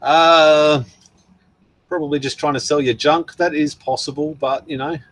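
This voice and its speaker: A man's voice: on the high side, fairly even intonation, unhurried, fairly bright tone, no echo. Chatty Australian man on a livestream. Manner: chatty and rambling, laughs often, answers viewer chat. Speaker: livestream host. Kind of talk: casual livestream chat reading comments.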